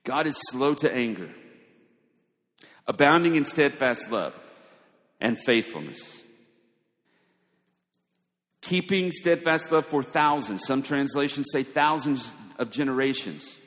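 A man preaching a sermon, shifting between quiet asides and raised, emphatic lines. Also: medium pitch, expressive, slow, long pauses. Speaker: pastor. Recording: long hall reverb.

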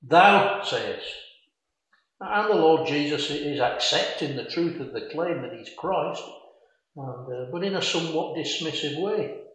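A man preaches through a Bible passage in a measured, reflective way, pausing on fillers as he explains. His voice sits a little high for a man. Strong echo fills the room around him. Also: expressive, a bit bright. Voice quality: quotes scripture in old-fashioned formal phrasing. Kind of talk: expository sermon on a Bible passage. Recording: very echoey room.

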